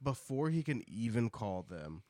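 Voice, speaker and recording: Man, casual podcast co-host, animated storyteller, very expressive pitch, dry close sound. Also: measured pace, no room sound. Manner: animated storytelling, jumps into character voices. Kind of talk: casual book recap chat.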